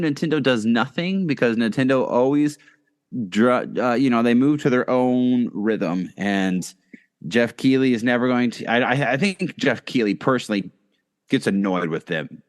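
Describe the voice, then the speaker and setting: A man co-hosting a casual podcast, talking loosely with many fillers and restarts. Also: mid-range voice. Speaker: podcast co-host.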